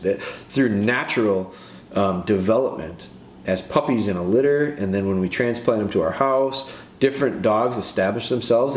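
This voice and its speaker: Low-voiced man, dog trainer, roomy echo. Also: a little mellow. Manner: earnest, repeats and restarts phrases. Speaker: dog trainer and podcast host. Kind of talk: casual podcast explanation. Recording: echoey room with faint background noise.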